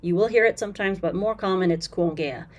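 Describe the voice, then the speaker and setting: A woman whose voice runs low offers casual commentary on a Swahili lesson. Patient in her explanations, she repeats phrases slowly, uses fillers, and is straightforward about bad translations.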